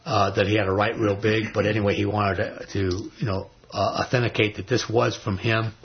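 A man with a fairly low voice leads an informal Bible study. He retells the stories in a folksy, rambling way, full of fillers, and throws in animated quoted voices. The recording sounds dull and lo-fi. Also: moderate pace, a little hiss or hum.

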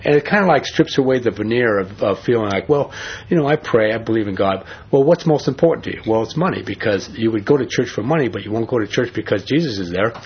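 A man giving an informal sermon, reading scripture slowly and commenting in a rambling, conversational way. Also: fairly low pitch, lively intonation, breathy edge. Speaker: preacher. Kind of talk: informal sermon, Bible teaching. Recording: muffled lo-fi recording.

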